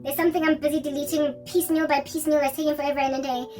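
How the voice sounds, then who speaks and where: A woman's voice: high voice, flat delivery, rapid-fire, a little mellow, far from the mic, soft background music. A woman rambling animatedly in a casual vlog chat, now and then breaking into snatches of song. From South Africa. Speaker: Christian vlogger.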